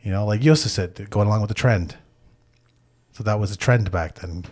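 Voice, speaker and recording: A man's voice: on the low side, moderate pace, a little mellow. A man with a Mohawk English accent chatting casually as a podcast co-host, laid-back and laughing often, with plenty of swearing. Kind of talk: casual chat.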